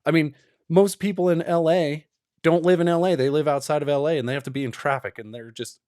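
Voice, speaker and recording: A man's voice: on the high side, steady tone, brisk, a little mellow, dry recording. Man ranting on a dry mic. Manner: ranting, emphatic, rambling. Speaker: commentary vlogger. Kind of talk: opinionated commentary.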